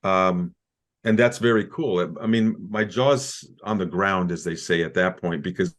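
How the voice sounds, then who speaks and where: A man guest, the founder of a community group, recounting events in a relaxed, chatty way with small jokes, speaking from a bedroom at home. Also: deep voice, moderate pace. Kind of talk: conversational recounting.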